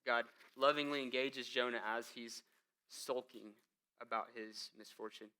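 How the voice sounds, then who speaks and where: Bright, crisp-voiced male pastor preaching. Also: medium pitch, fairly even intonation, unhurried. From United States. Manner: conversational preaching with asides, "man" and "right?"; swings from hushed to emphatic. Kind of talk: sermon.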